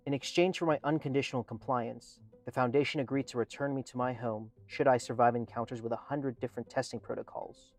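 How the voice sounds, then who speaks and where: A man's voice: mid-range voice, fairly even intonation, a little fast, few pauses, soft background music, lightly acted. A man playing a weary, sarcastic male prisoner who narrates his own grim situation in a dry tone. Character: weary, sardonic male prisoner test subject.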